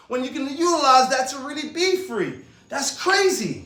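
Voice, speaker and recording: A young guy from New York with a high voice, a fitness coach and streamer, gives a casual motivational talk that's animated and slangy, laughing often. He speaks a little slowly, and the room sounds echoey.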